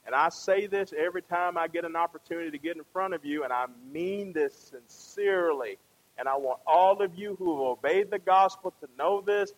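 A man's voice: fairly high pitch, fairly quick, rough recording. A man preaching a conversational sermon, often asking the congregation questions and tagging them with "right?".

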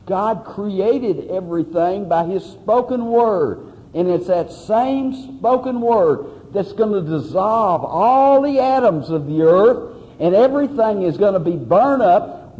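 Pleading preacher with a high voice. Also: male voice, in a large hall, highs cut off. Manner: pleading, emphatic preaching with repeated phrases. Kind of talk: sermon.

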